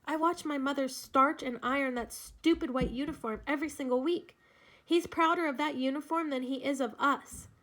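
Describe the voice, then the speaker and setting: A woman's voice: high-pitched, normal speed, fairly bright tone, voice pushed up. A woman reading aloud and voicing a timid, frightened young girl who talks in a pleading, apologetic, tearful way.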